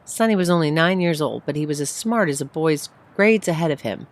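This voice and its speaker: Expressive woman reading a story aloud. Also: sits low. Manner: measured, phrase-by-phrase reading. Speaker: narrator. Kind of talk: read-aloud short story.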